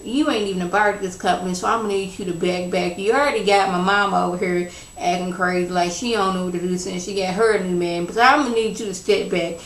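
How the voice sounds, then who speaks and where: A woman's voice: fairly low pitch, steady tone, fast, few pauses. A woman giving a casual spoken TV episode recap, chatty and slangy, full of "you know" and "like". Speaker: TV episode reviewer. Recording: echoey room.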